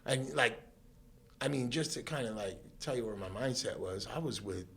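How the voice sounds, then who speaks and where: Gravelly man telling a wild story. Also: medium pitch, normal speed, noisy background. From Southern California. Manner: animated storyteller who acts out quoted voices, laughs often. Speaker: podcast guest. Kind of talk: casual storytelling interview.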